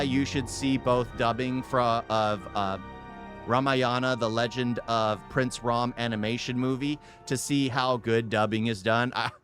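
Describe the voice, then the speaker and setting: A man's voice: medium pitch, fairly bright tone. Rambling man reacting casually. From United States. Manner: rambling, repeats phrases for emphasis. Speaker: reaction video host. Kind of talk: casual off-the-cuff reaction commentary.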